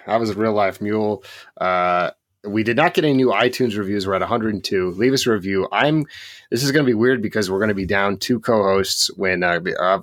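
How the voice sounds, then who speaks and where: A man with a fairly low voice co-hosts a podcast, ranting about his opinions between quick jokes. The sound is dry and close, with no room around it. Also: fairly bright tone, dry recording. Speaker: podcast co-host. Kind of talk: casual chat.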